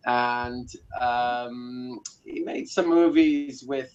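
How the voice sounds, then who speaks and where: A South African man in his forties tells his story as an interview guest, with many fillers and restarts. His medium-pitched voice is steady, very slow, clear, and resonant, with soft background music, and the audio is slightly muffled.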